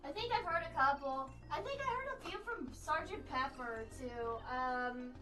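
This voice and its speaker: A woman's voice: sits high, expressive, normal speed, bright, forceful tone, soft background music. Giggly young woman chatting while drawing. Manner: giggly, rambling, swears often. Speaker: art streamer. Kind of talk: casual chat while drawing.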